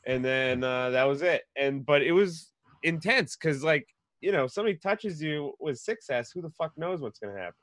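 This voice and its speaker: A man's voice: fairly high pitch, lively intonation, normal speed, a bit bright, dry recording. A man telling a story in casual podcast chat, rambling with many fillers. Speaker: podcast guest.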